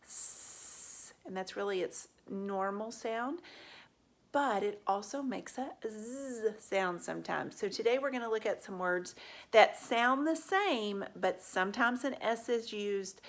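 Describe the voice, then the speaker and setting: A woman gives a slow, unhurried reading lesson to young children. She stretches out each letter sound and keeps asking the children gentle questions. Her pitch sits in an ordinary middle range. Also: animated. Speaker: teacher.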